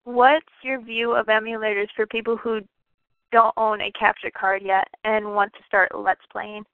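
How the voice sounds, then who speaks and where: A woman's voice: mid-range voice, little pitch movement, normal speed, dry recording. A woman with a Michigan accent interviewing a guest, giggling as she reads out viewer questions over a call. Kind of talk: casual online interview. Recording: dry tinny phone-like call audio.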